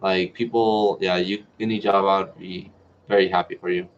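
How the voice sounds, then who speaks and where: A low-pitched young man from New Mexico, in his twenties and studying medicine, hosts an informal livestream Q&A, chatting as he reads out and answers viewer comments. He keeps a level tone at a moderate pace, with a little hiss or hum in the dull lo-fi recording.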